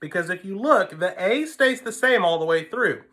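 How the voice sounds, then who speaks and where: A man's voice: sits high, lively intonation, normal speed, sharp tone. A man giving a patient music lesson, counting beats aloud and explaining notes to his students. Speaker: string teacher. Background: violin playing.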